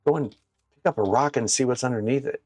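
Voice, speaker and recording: A man giving casual gameplay commentary that turns into blunt, profane, animated stories, recorded on a clip-on mic at home. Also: medium pitch, fast, no echo, studio quality. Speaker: gaming streamer. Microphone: wireless clip-on mic.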